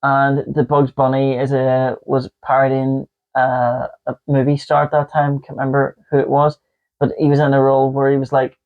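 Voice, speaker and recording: A podcast co-host rambles and jokes with lots of fillers in a casual conversation. His mid-range voice has a completely flat delivery at normal speed, and the podcast audio is dull and lo-fi.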